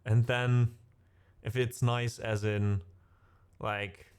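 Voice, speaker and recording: Extremely slow and clean-toned, this middle-aged man's medium-pitched voice barely moves in pitch. He has a German accent and is a musician chatting casually with his stream's live chat, rambling with lots of fillers.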